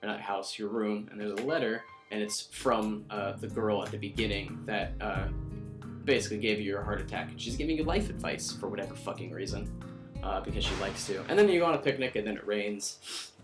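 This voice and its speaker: A young man giving casual, profane, rambling commentary on a visual novel playthrough, tossing in quick character voices. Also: fairly low pitch, music in the background. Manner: rambling, profane, self-mocking, mimics characters in quick asides. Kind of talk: casual let's-play commentary.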